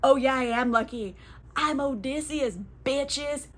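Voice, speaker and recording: A woman voicing a crude, disguised old male wanderer in a comic retelling, loud and swaggering. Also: high voice, measured pace. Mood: cocky.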